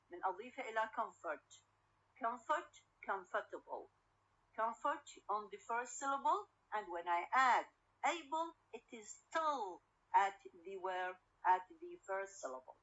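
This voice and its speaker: A woman lecturer teaching English word stress. She mixes Arabic and English, asks rhetorical questions, and says each example word slowly several times. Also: mid-range voice, a bit bright, muffled recording. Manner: switches between Arabic and English, repeats example words slowly; many fillers and rhetorical questions.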